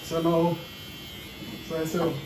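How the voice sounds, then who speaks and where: Guy, high voice, echoey barbershop with a shaver buzzing, keeps laughing at his own story. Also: slow pace, recorded from a distance. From Belize. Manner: animated storytelling, laughing often. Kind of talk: casual chat. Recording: echoey room with background noise.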